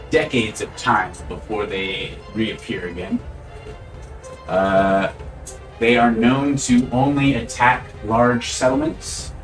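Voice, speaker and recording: A man narrating as game master of a tabletop game, unhurried and filling pauses with "uh". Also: mid-range voice. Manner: unhurried narration with frequent uh fillers. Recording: distant mic with faint background music.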